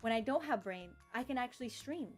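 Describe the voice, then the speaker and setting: A woman's voice: on the high side, animated, a little fast. A woman streamer talking playfully to her chat during a live game stream. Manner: playful, goofy, talks to chat. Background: background music.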